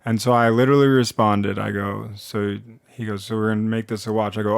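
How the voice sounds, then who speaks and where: Low-voiced man telling a rambling comic story. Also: fairly quick, creaky, smooth, no room sound. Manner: rambling, self-interrupting, animated delivery. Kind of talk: comedic storytelling monologue. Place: now living in Colorado.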